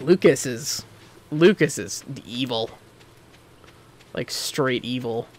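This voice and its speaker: A man streaming a game, chatting casually and opinionated, swinging between excited outbursts and muttering. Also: medium pitch, slow pace, a little hiss or hum. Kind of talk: casual gameplay commentary.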